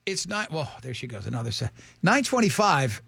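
A man's voice: a little high, very animated, brisk, gravelly, a bit bright, breathy edge, no echo. A man hosting a morning radio show, joking and teasing a caller through a quiz.

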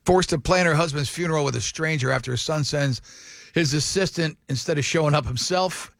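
A man's voice: on the high side, brisk, gravelly, fairly bright tone, a little hiss or hum. A man co-hosting a morning radio show, reading entertainment items and teasing his co-hosts in casual banter.

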